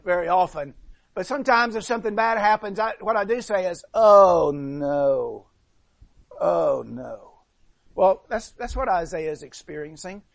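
A man's voice: sits high, no echo. A male preacher delivering a sermon in an earnest way, often repeating words as he restarts.

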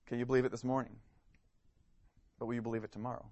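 A man's voice: medium pitch, flat delivery, very fast, a little mellow, no echo. A man preaching a sermon, earnest and questioning, sometimes repeating words as he starts a phrase. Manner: earnest, searching questions, some stammered repeats.

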